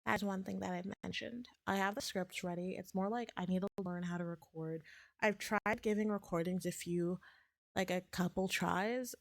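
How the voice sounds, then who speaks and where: A woman's voice: medium pitch, steady tone, normal speed, gravelly, dry recording, clean studio sound. A young woman chatting casually on a livestream, rambling, joking at her own expense and laughing often. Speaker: streamer.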